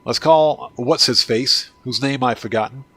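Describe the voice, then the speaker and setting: A man with a congested, fading voice hosts a gameplay livestream in a relaxed, casual way. His pitch sits in an ordinary middle range as he talks to his chat and thanks viewers by name. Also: a little slow, soft background music. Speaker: livestream host, gamer.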